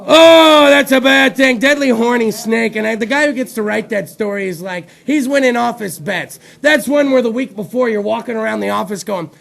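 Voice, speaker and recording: A man hosting a talk show, delivering a rowdy, profane comedic rant with loud outbursts. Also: very high-pitched, moderate pace, creaky, few pauses.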